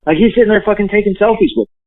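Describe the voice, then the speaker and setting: A man chatting as a guest over a tinny, phone-like line with a dry sound. His voice sits fairly high for a man. He jokes and swears freely, and his stories come out animated. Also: very fast, no room sound. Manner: profane, joking, animated storyteller. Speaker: podcast guest. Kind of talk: casual chat.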